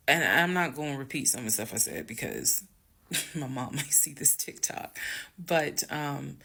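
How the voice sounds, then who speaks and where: A woman telling a story from her own life to viewers, emphatic and direct, dropping to hushed whispers and rising to loud bursts. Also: low voice, lively intonation, a little slow, vocal fry, long pauses, breathy edge. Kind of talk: storytime monologue.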